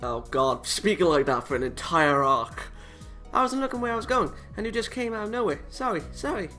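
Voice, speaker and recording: A man voicing a small, energetic teenage girl who apologizes in a high, worried, rushed voice. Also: soft background music. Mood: apologetic. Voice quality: high-pitched girlish voice.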